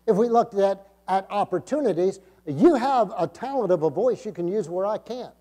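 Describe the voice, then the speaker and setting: A man's voice: animated, normal speed, dark tone. Emphatic man preaching a sermon. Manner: emphatic preaching, swells up then drops low. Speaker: pastor. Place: church sanctuary.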